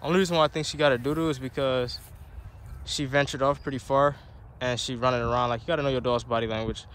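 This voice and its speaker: A man's voice: mid-range voice, fairly even intonation, fast talker, a bit bright, clear, resonant tone. A man talking casually on a dog walk, rambling with lots of fillers and breaking off to give his dog commands. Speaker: dog owner vlogger. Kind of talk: casual vlog chat.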